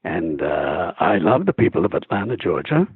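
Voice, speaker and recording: A man, a stage and screen actor, telling stories as a guest in a phone interview, chuckling often and animated. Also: low-pitched, moderate pace, husky, no echo. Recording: tinny phone line.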